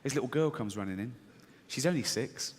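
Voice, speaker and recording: A male stand-up comedian telling a story in a relaxed, conversational way. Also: medium pitch, fairly quick. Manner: conversational, storytelling, self-amused. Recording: live venue with long reverb, faint ambience.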